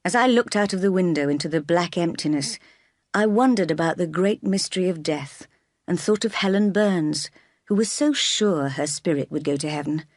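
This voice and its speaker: A woman narrates a novel in a calm, even storytelling manner. Her voice sits on the low side, and the recording is dry and close. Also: moderate pace, no room sound. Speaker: audiobook reader. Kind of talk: scripted narration.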